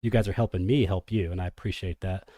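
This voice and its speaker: Low, mellow-voiced man hyping crypto. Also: quick pace, no echo, studio quality. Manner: energetic, hype-driven, addresses viewers as degens. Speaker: crypto livestream host. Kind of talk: casual livestream commentary.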